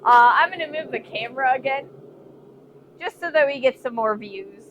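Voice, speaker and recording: Midwest lady blacksmith chatting on stream, high voice, laughs a lot, noisy shop behind her. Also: lively intonation, normal speed, a bit bright. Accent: American Midwest. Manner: chatty, laughs often, self-deprecating. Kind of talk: casual live-stream chat. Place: forge workshop.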